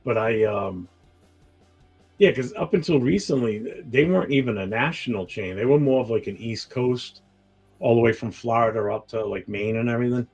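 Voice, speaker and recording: A man's voice: medium pitch, moderate pace, a little mellow, slightly rough, soft background music. A man with a New York accent hosting a casual live-stream talk show, swearing freely and greeting viewers in the chat. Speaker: podcast host.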